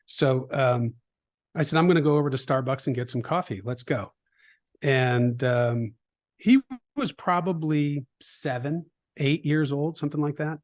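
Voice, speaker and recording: Middle-aged male interview guest, animated storyteller, slightly higher voice, many false starts. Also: unhurried. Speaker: trading educator, guest.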